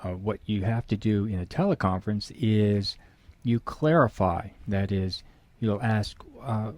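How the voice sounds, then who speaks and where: A low-voiced middle-aged man explains things to an interviewer. He leans on key words and acts out the example phrases he quotes. The sound is close and dry. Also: measured pace, warm tone, dry recording. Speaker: guest expert.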